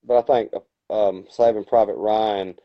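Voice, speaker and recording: A man's voice: fairly low pitch, fairly even intonation, a little slow, highs cut off. A man co-hosting a casual podcast, telling long rambling stories with colloquial grammar. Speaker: podcast co-host. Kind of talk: casual chat.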